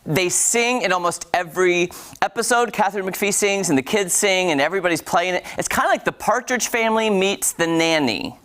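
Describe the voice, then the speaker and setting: A woman's voice: fairly low pitch, lively intonation, brisk, fairly bright tone. A woman from Texas giving a chatty, casual review of shows on a morning TV program, talking straight to viewers. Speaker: TV entertainment reviewer.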